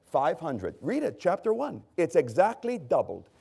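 Male preacher, fairly high voice that swoops widely; emphatic sermon delivery, asks and answers his own questions. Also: gravelly, breathy edge. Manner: lively, emphatic delivery with rising, drawn-out stresses; asks the congregation questions and answers them himself.

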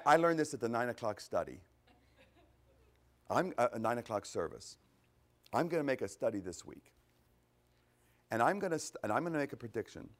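A man preaching a conversational sermon, animated, asking rhetorical questions and answering them himself. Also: medium pitch. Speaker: pastor.

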